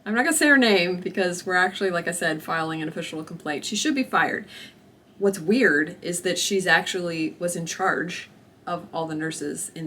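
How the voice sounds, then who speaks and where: A young woman talks straight to camera, recounting a personal story with lively, expressive delivery and acted-out quotes. Her voice is bright and clear. There is a faint hum of room ambience behind her. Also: lowish voice. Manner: animated, expressive retelling with acted-out quotes and laughter. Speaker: vlogger.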